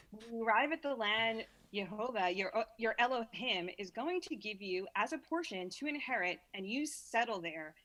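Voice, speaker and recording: A woman's voice: medium pitch, bright, forceful tone. A woman with a Brooklyn accent, a podcast guest, chatting casually and reading scripture aloud with small stumbles and repeats. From Brooklyn, New York. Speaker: guest reader.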